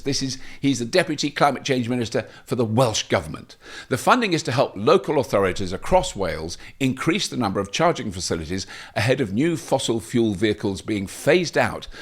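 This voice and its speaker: A man with a Gloucestershire English accent hosting a monthly news roundup, playful and jokey with mock-outraged asides. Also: mid-range voice. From Gloucestershire, England. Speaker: host.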